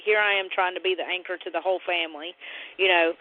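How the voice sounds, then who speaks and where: High-voiced man on a phone line. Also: fairly even intonation, fast talker. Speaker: caller. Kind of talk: emotional phone conversation.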